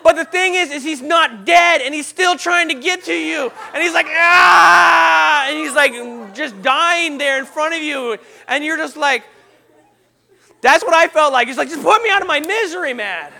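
Young guy giving a talk to a crowd, really high bright voice, acts stuff out, gets loud then goes quiet. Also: moderate pace, vocal fry. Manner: animated, acts out voices and sound effects. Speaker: speaker. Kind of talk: motivational talk to an audience.

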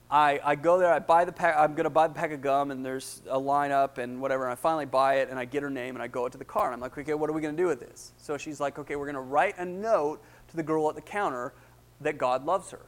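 A young man giving his testimony in a sermon, acting out the people in his story, excited at times and hushed at others. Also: a little high. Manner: animated storytelling, acting out dialogue, rising excitement then hushed.

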